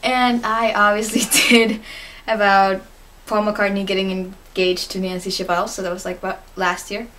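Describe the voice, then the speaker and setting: A woman's voice: medium pitch, flat delivery, moderate pace, a bit bright. Chatty teenage girl gushing on a vlog. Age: teens. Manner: chatty, giggly, gushing, many fillers. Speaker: fan answering interview questions. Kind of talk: casual vlog monologue.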